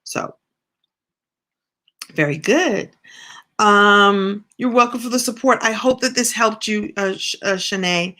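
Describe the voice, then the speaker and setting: A woman's voice: medium pitch, slow, long pauses, bright, forceful tone. A middle-aged woman coaching in a casual live stream, chatty and encouraging as she answers viewer comments. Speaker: business and writing coach.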